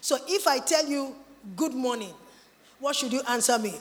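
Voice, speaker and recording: A woman preaching a sermon in an emphatic, animated way, often mimicking other people's voices. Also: high-pitched, fairly quick. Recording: long hall reverb.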